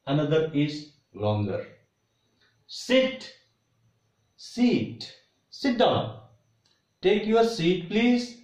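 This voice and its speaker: Slow, roomy-sounding Indian English teacher. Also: male voice, high-pitched. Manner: deliberate, repeats example words. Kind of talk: slow explanatory lesson.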